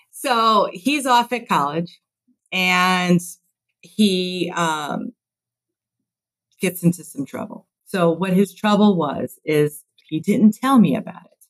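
A woman in her fifties from Chicago, a guest on an interview podcast, telling stories in a lively way and acting out the voices she quotes. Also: fairly low pitch, low-quality recording. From Chicago, USA. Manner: lively storyteller who acts out quoted voices. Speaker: podcast guest, construction executive. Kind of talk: casual interview chat.

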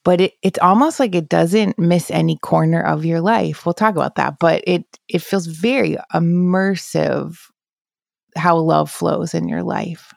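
A woman's voice: fairly low pitch, unhurried, vocal fry, no room sound, clean studio sound. A woman hosting a podcast interview, affirming her guest often and asking open questions. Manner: affirming, frequent soft agreement. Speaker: podcast host. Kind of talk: casual interview.

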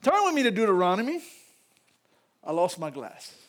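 A male pastor, high-voiced and moving at a moderate pace, delivers his sermon in a Louisiana Southern accent. Throughout the church service he makes animated call-outs and laughing asides to the congregation.

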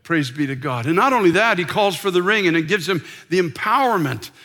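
A man preaching from a church pulpit, his voice high and bright. He presses on with passion, repeating himself and sometimes dropping almost to a whisper. The sound carries a long reverb from the large sanctuary around him. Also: lively intonation, a little fast. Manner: passionate preaching, repeats words, dips into soft whispered prayers. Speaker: pastor. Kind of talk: sermon.

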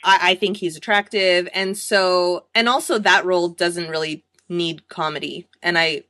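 A woman co-hosting a podcast, chatting casually with a bright, forward tone. She is playful and laughs often. The sound is dry and close. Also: fairly low pitch, fairly even intonation, moderate pace, no echo. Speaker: podcast co-host. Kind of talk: casual chat.

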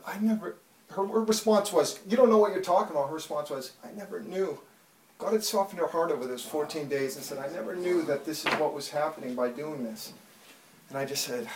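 A man giving a church testimony as a lively storyteller, dropping to a hush and then rising loud as the story builds. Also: mid-range voice. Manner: animated storyteller, swings from hushed to loud. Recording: echoey room, mic far off.

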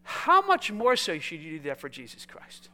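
A man preaching a sermon, talking with his congregation in a conversational, energetic way that swings from quiet asides to loud, exuberant calls. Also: sits high, moderate pace. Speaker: pastor. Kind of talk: sermon with congregation call-and-response.

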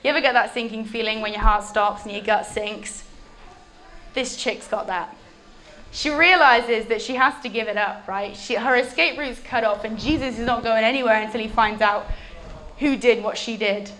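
A woman preaching a sermon with lively, animated storytelling. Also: fairly high pitch, moderate pace.

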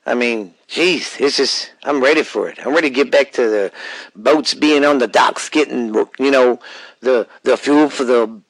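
A Louisiana man talking loose and slow on a podcast call, piling up fillers and curse words. His voice sits in an ordinary middle pitch. The sound is dry, with no room around it. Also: no room sound, poor audio. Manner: rambling, drawling, swears freely, many fillers. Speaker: podcast co-host. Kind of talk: casual podcast chat.

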